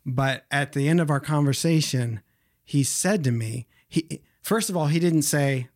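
A man's voice: medium pitch, normal speed, a little mellow, dry recording. Young male podcast host, earnest storyteller, dry studio-like sound. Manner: earnest, personal storytelling with fillers. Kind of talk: casual interview chat.

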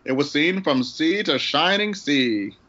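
A man's voice: on the high side, lively intonation, unhurried, bright, forceful tone, voice pushed up, heavily acted. A man voicing an old-time male radio announcer with a grand, theatrical delivery, on a dull lo-fi recording. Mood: dramatic.

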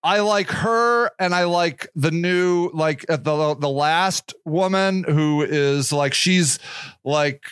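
Rambling high-voiced male podcaster. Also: slow pace, a bit bright, smooth, dry recording. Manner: rambling, profane, self-interrupting. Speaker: podcast host. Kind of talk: rambling solo podcast monologue.

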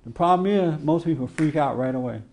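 Man preaching casually, slightly high voice. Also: a little fast, a little mellow, slight background noise. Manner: conversational storytelling, acts out quotes, laughs often. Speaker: spiritual teacher. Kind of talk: informal sermon to a small group. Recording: roomy echo.

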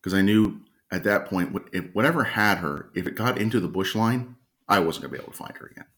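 Man, very deep voice, casual storyteller, clears throat a lot. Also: a bit bright. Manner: unhurried, clears his throat often. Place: at home with a dog nearby.

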